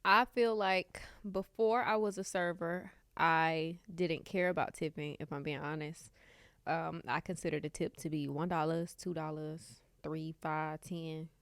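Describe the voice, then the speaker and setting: Candid woman, low and dry. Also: steady tone, a little slow, creaky, dry recording. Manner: candid, emphatic, speaks her mind. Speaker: podcast co-host. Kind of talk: casual podcast chat.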